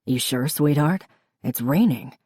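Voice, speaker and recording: A gentle, apologetic husband, as a woman narrator puts him on, speaking softly with a touch of quiet amusement. His tone sits low and dark. The recording is close and dry, with no room sound. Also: a little slow, husky, dry recording, heavily acted. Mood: tender.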